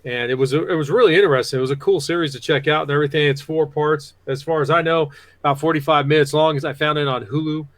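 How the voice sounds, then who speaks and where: A man's voice: fairly high pitch, steady tone, quick pace, dry recording. A man co-hosting a podcast, talking casually and hesitantly, searching for words. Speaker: podcast co-host. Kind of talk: casual chat.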